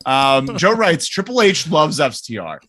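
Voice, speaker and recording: A man's voice: a little high, sing-song, a little slow, fairly bright tone. A young man co-hosting a casual podcast, reading listener comments aloud and laughing often. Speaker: podcast co-host. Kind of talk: casual chat.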